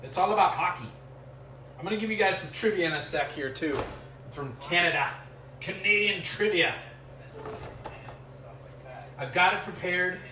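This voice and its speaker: A man with a slightly higher voice hosts a casual home cooking vlog, joking and chatting with his viewers as he stirs and seasons. The kitchen sounds echoey, with faint noise underneath. His voice fades at moments when he moves away from the mic. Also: normal speed, long pauses, sharp tone, far from the mic. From United States. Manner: chatty and joking, thinking aloud while cooking. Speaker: cooking show host. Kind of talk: casual cooking vlog, talking to live chat.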